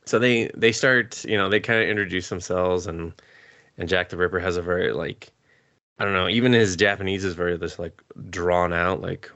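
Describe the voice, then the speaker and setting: A man's voice: low voice, fairly quick, sharp tone, no room sound. A man hosting a podcast, recapping anime in a rambling, profane, casual way while sick with a cough, chuckling often. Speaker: podcast host.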